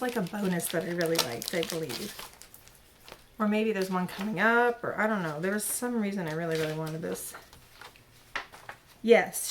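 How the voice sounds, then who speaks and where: A woman's voice: medium pitch, slight background noise. A woman hosting her own crafting channel, showing her latest patterns in casual, rambling chat full of fillers and self-corrections. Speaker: cross-stitch channel host. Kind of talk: casual show-and-tell chat.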